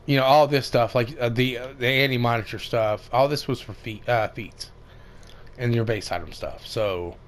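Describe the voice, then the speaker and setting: A man's voice: medium pitch, normal speed. A man giving casual, rambling commentary over a game tutorial, with many fillers and restarts. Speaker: gaming video creator.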